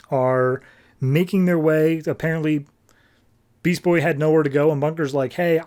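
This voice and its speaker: A man hosting a podcast, casually reviewing and recapping comics in a chatty, filler-heavy way, slipping into quick offhand character voices. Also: a little high, darkish tone.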